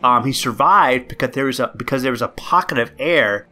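A man's voice: medium pitch, brisk, bright, forceful tone, a little hiss or hum. A man hosting a podcast, telling a true story casually and rambling with many ums and uhs. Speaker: podcast host.

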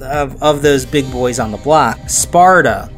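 A man's voice: medium pitch, measured pace, fairly bright tone, faint music behind. Chatty man telling history with jokes. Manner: jokey, laughs often, drops into silly voices. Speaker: podcast host telling history. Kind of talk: casual storytelling chat.

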